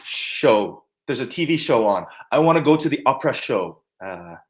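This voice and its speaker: A man, a martial arts instructor, teaching terminology in an animated, jokey way, using playful mnemonics and little mimicry. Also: mid-range voice, moderate pace.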